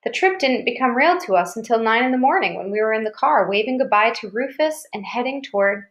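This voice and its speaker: A woman reads a chapter of a novel aloud in the first person. Her delivery is even and steady, with plain, unhurried storytelling. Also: fairly high pitch. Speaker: audiobook reader.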